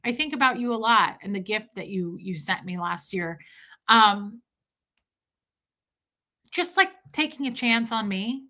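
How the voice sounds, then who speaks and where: Bright-voiced woman, emotional livestream chat. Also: mid-range voice, animated, unhurried, long pauses. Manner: emotional, heartfelt storytelling with many fillers. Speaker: livestream host reading viewer chats.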